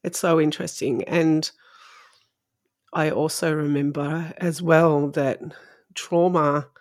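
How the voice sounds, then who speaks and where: A woman hosting a podcast, speaking in a measured, reflective way and offering soft affirmations as she listens. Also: low voice, steady tone, no room sound, studio quality. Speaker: podcast host. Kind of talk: reflective conversational interview.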